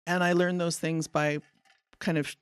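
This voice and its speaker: A woman in her fifties, an artist guest on a podcast, reminiscing in an earnest, upbeat way with a slightly gravelly voice. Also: lowish voice, level tone, unhurried, no room sound. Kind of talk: casual interview.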